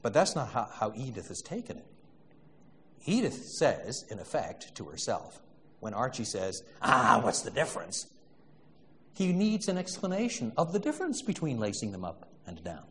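A man giving an animated storytelling lecture, full of restarts and stammers, building to laughing emphasis. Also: mid-range voice, normal speed, long reverb tail, a little hiss or hum.

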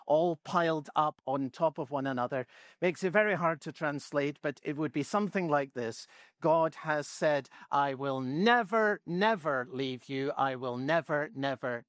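A man preaching a sermon, with measured delivery and emphatic repetition that lingers over key phrases. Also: on the high side, fairly bright tone, dry recording, clean studio sound.

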